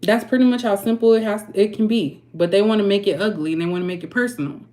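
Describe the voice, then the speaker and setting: A woman tarot reader and channel host, ranting frankly and heatedly to her viewers and clearing her throat often. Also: mid-range voice, fast talker, dark tone. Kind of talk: candid ranting vlog.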